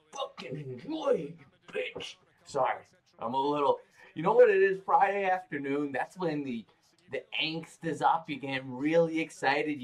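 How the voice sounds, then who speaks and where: Playful crude man hosting a livestream. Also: a little high. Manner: playful, crude, rambling banter with swearing. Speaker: livestream host. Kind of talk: casual live watch-party commentary.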